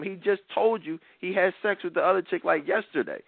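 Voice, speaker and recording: A man's voice: high-pitched, fairly quick, creaky, no room sound. A man in his thirties hosting a talk show, giving blunt opinions in a rambling way with lots of fillers. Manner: blunt, rambling, frequent "you know" fillers. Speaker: podcast host. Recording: dry, phone-like narrow sound.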